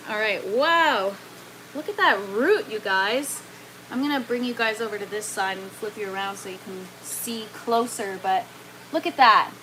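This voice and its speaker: There's background noise as a woman in her 30s, voice a little high, hosts a relaxed gardening stream from an indoor grow tent. She works while talking to viewers and reading out what they comment.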